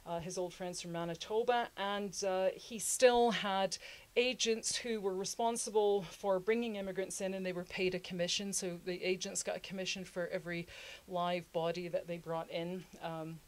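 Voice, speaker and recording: A woman hosting a history show, explaining the past in a lively, conversational way with frequent laughs. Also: lowish voice, normal speed. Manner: lively, laughs often, acts out quotes in funny voices.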